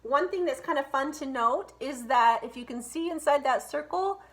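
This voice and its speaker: A woman presenting a casual home family history video in a chatty, lightly giggly way, pausing on frequent ums. Her voice sits a bit high, and the room adds a noticeable echo. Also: lively intonation. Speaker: co-host.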